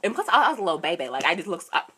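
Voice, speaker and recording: A young woman vlogger telling a personal story in a casual, animated way, acting out the people she quotes. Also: very fast, breathy edge. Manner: animated, acts out quotes with big pitch jumps and laughs.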